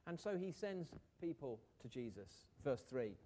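A man's voice: mid-range voice, sing-song, a little slow, mellow, a little hiss or hum. A man preaching a sermon in a conversational way, asking rhetorical questions and briefly acting out the people in his story.

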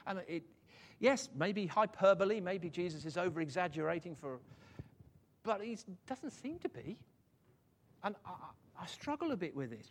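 Man, high-pitched, chatty self-deprecating preacher who stammers and chuckles. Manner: self-deprecating, chuckles often, repeats words when stumbling. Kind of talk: conversational sermon.

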